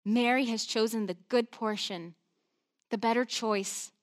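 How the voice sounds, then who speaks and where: A woman preacher voicing a calm, gentle male teacher who speaks softly and soothingly. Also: fairly high pitch, measured pace, lightly acted.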